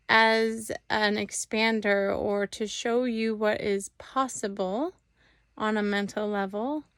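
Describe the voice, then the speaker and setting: Woman host, gentle and encouraging, talks slowly with a crisp, smooth tone. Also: on the high side, no room sound, studio quality. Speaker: host introducing her video. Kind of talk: casual to-camera intro.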